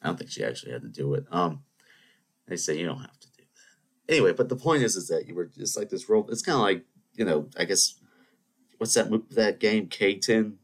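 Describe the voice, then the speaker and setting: Deep-voiced young man telling rambling stories. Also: animated, brisk, breathy edge. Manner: meandering, many restarts and asides. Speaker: podcast host. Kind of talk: rambling anecdotal storytelling.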